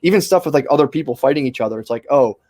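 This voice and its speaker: A man's voice: fairly high pitch, lively intonation, racing, darkish tone, no room sound. A young man in casual podcast conversation, rambling with restarts and fillers and swearing freely. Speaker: podcast host.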